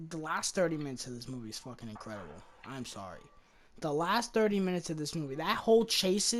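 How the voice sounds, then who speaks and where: A woman's voice: lowish voice, noisy background. A woman hosting a podcast, chatting loosely about a movie, swearing freely and trailing off. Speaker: podcast host. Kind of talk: casual movie review chat.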